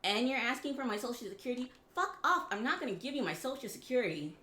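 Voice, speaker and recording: A woman from Georgia in the US, a guest on a game stream, venting in blunt, profane talk with halting restarts. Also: fairly high pitch, lively intonation, fairly bright tone. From Georgia, USA. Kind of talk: casual chat on a game stream. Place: home room. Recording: roomy echo.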